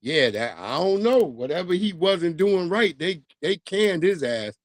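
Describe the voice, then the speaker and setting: A man hosting a livestream, telling stories in a casual, profane, animated and mocking way. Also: sits high, a little slow, no echo. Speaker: livestream host. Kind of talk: casual storytelling rant.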